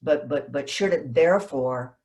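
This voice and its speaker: A woman novelist, a guest in an interview, telling stories in a lively way and acting out what people said. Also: deep voice, a little slow. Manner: animated, acts out quoted dialogue. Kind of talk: conversational interview, storytelling.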